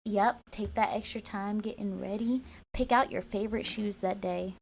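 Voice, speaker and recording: A woman co-hosting a casual podcast, telling a story in a chatty, animated way. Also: mid-range voice, normal speed, vocal fry, a little hiss or hum. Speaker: podcast co-host.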